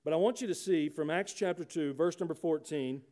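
Guy preaching, folksy and plainspoken, kinda higher voice, gets emphatic. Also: fairly quick, warm tone. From United States. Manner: folksy, rising to emphatic preaching with rhetorical questions. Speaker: pastor. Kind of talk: sermon.

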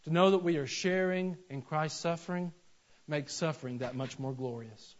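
A man, preaching a sermon and telling stories with animated acted-out voices. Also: a little high, moderate pace. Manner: animated storytelling, acts out voices in anecdotes. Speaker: pastor. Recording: dull lo-fi sermon recording.

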